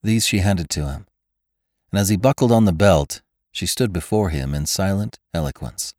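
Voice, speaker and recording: A man narrating a classic western novel in a measured, even storytelling manner. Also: deep voice, no echo, studio quality. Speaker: audiobook narrator.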